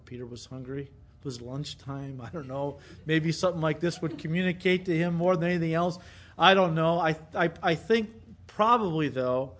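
A man with a high voice preaching a sermon from the pulpit. He teaches animatedly and acts out the people in his stories, jumping to loud emphatic bursts. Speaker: pastor.

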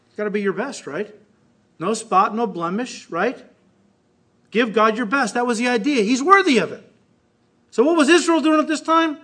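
Animated, bright-voiced male preacher. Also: moderate pace, pauses often. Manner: animated, acts out quoted voices with rising pitch. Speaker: pastor. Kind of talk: sermon.

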